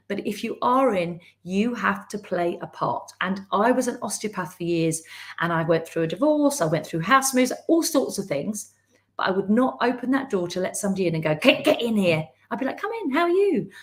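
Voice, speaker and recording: Woman, middle-aged, coaching-style live talk. Lively storytelling, voices the people she quotes. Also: medium pitch. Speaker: business coach. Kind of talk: live-streamed business talk.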